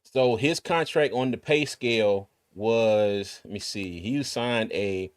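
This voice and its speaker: Laid-back man, low voice. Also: takes it slowly, clear, resonant tone. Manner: laid-back, chatty, many fillers and restarts. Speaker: sports podcast host. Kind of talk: casual live-stream chat.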